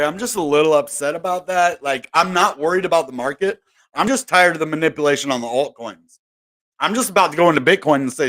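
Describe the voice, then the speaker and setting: Exasperated, bright-voiced crypto commentator man. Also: on the high side. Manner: rambling, exasperated, self-interrupting. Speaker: crypto video host. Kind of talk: casual market commentary.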